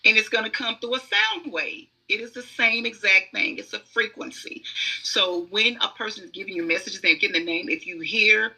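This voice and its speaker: Husky, sharp-toned woman reader. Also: mid-range voice, normal speed, low-quality recording. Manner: emphatic, acts out inner voices. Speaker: guest oracle card reader. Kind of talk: conversational podcast storytelling.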